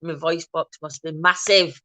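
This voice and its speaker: A woman chats her way through a casual morning livestream at home, greeting viewers one by one. Her laugh is big and loud. The sound is close and dry, with no room echo. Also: low voice, fairly even intonation, unhurried. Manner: chatty, greets viewers by name, laughs loudly. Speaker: livestream host.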